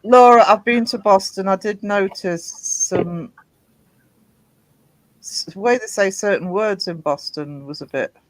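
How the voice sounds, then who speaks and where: A man hosting a casual livestream chat. He talks haltingly, with many pauses and restarts. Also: high voice, no room sound, poor audio. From Britain. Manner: halting, lots of ums and restarts. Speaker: host.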